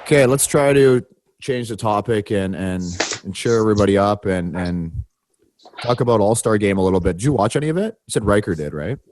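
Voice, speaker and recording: A man's voice: on the low side, brisk, slight background noise. A man co-hosting a podcast, telling a story in casual chat and acting out the quotes in a raised voice. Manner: animated, acts out quotes in raised voice. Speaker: podcast co-host.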